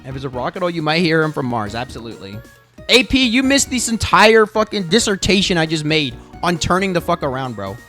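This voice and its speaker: A man's voice: a little high, sing-song, a little fast, fairly bright tone, faint music behind. A man reviewing his own gameplay as a lesson, emphatic and repetitive, swearing and saying "bro" often. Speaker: gamer coaching through his own gameplay.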